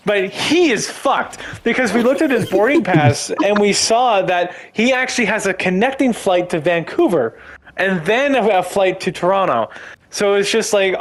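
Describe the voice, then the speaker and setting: Animated, laughing male storyteller. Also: high-pitched, moderate pace. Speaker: streamer telling a story. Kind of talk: casual gaming chat.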